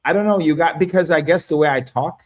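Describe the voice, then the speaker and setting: A man chatting on a livestream panel, rambling and profane as he tells stories in a casual, animated way. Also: on the high side, fast talker. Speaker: panel guest.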